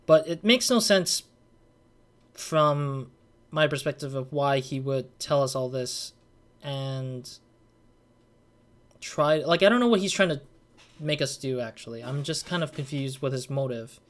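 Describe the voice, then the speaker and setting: A man's voice: medium pitch, a little slow, long pauses. A young man casually commenting on a game he is playing, thinking aloud in a rambling way and leaning on fillers. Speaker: let's play gamer.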